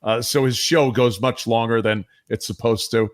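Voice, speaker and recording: A man's voice: medium pitch, fairly even intonation, moderate pace, dry recording, clean studio sound. A man calling in as a podcast guest, telling loose stories with lots of fillers over a remote mic. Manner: loose anecdotal storytelling with many fillers. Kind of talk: casual podcast chat. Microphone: remote call-in mic.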